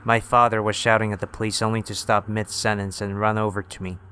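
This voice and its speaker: A man narrating a first-person horror story in a steady, scripted storytelling manner. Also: fairly low pitch, fast talker, slight background noise.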